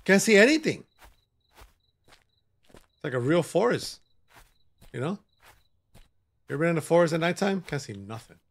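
While playing a horror game, a male gaming channel host with a medium-pitched, slightly bright voice offers joking, sassy commentary and banters with the characters on screen.

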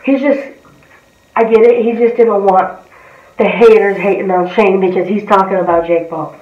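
A woman's voice: medium pitch, fairly even intonation, normal speed, highs cut off. A woman giving a blunt, profane, heated reaction commentary as a vlogger. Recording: roomy, distant from the mic.

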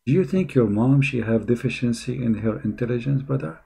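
A man giving critical commentary on a played video clip, mocking and sarcastic, halting with many fillers. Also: medium pitch, gravelly, warm tone, husky. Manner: mocking and sarcastic, keeps calling the listener brother.

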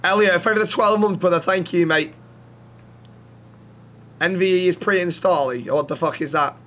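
A man's voice: sits high, moderate pace, fairly bright tone. A man streaming a roleplay game, chatting casually with lots of swearing and teasing banter.

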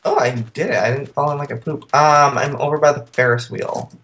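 A woman's voice: low-pitched, fairly quick, a bit bright. A woman teasing her friend during a casual gaming chat, sassy and crude, breaking into sing-song bits.

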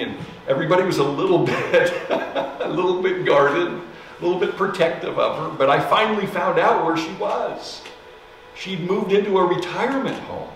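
Pastor telling a story in an echoey church. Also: male voice, a little high, slight background noise. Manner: conversational, with fillers and quiet laughs. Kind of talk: sermon storytelling. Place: church sanctuary. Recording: echoey hall, mic from a distance.

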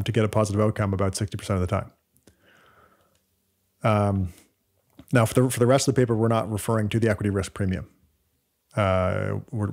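A man's voice: fairly low pitch, vocal fry, a little mellow. A man with a Canadian accent co-hosting a podcast, explaining data step by step in casual chat with frequent fillers and restarts. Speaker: podcast co-host.

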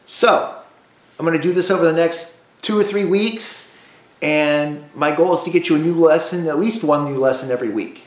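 A music teacher drilling students through call-and-response practice, patient and repetitive. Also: male voice, on the high side, moderate pace, roomy sound. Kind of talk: recorded music lesson for students.

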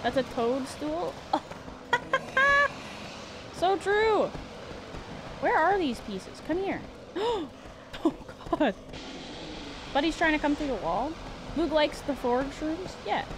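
A woman streaming a game live, chatting casually with her chat, giggling often and breaking into excited outbursts. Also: sits high, a little slow, noisy background.

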